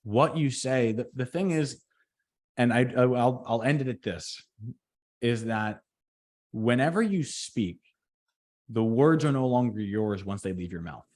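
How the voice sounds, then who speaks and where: Podcast co-host, male electrician, middle pitch; calm and deliberate, weighs each phrase. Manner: deliberate, reflective, speaks slowly on purpose. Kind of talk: casual podcast chat.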